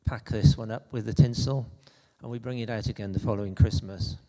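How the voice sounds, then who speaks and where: A man preaching an anecdotal sermon in a conversational, halting way, with frequent restarts. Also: medium pitch, dark tone, big-room sound.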